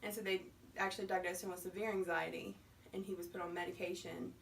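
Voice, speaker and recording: A woman's voice: lowish voice, level tone, quick pace, vocal fry. Chatty mother in her thirties, casual talk, distant mic, faint background hiss. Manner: chatty, lots of "like", acts out quotes. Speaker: podcast co-host, mother. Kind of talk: casual chat.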